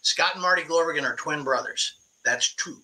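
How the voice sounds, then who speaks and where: A man in his sixties with a very bright, forceful voice, pitched a little high for a man. He tells stories in a spirited, emphatic way as a guest in a casual interview. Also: moderate pace, low-quality recording. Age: 60s. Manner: animated storyteller, spirited and emphatic. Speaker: podcast guest, veteran angler.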